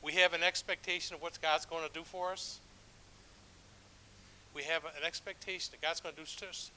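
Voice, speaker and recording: A man's voice: fairly high pitch, fairly even intonation, fairly quick, pauses often, sharp tone, low-quality recording. A middle-aged man, a church elder, preaching a sermon with stories in a conversational, self-deprecating way, with frequent restarts. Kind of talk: sermon with storytelling.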